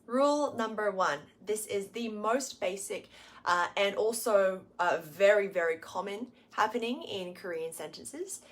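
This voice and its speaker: A woman teaching a pronunciation lesson, explaining patiently and sounding out model words slowly and clearly. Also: mid-range voice, lively intonation. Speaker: Korean language teacher.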